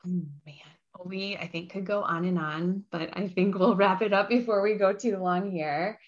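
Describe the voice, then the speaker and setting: A woman's voice: medium pitch, fairly even intonation, normal speed. A woman co-hosting a podcast, responding reflectively and affirming her guest in casual interview chat. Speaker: podcast co-host. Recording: dull lo-fi sound.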